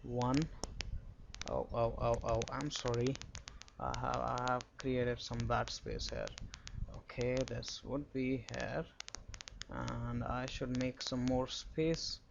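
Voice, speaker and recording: A man's voice: medium pitch, level tone, takes it slowly, gravelly, highs cut off, background noise. A man with an Indian English accent teaching a screen-recorded geography lesson in a chatty way, spelling names out and using little memory stories.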